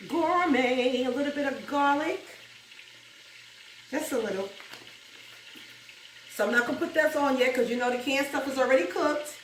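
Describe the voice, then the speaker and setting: Home cook host with a New York accent, woman, fairly high voice, roomy kitchen sound heard from off-mic; chatty, laughing, sings bits of gospel. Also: measured pace, long pauses, distant mic, a little hiss or hum. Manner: chatty, laughs often, breaks into song. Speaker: cooking show host. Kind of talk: casual cooking chat with bursts of gospel singing. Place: home kitchen with food frying.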